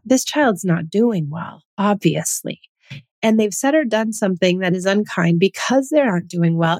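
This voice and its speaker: A woman's voice: medium pitch, a little mellow, no room sound. Earnest woman hosting a parenting podcast. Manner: earnest, conversational, emphatic. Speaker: podcast host.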